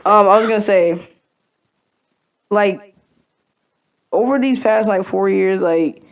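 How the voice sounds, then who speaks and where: A young woman hosting a podcast, telling a story in casual chat, animated and profane, laughing often. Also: mid-range voice, slow pace, a little hiss or hum. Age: young adult. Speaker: podcast host.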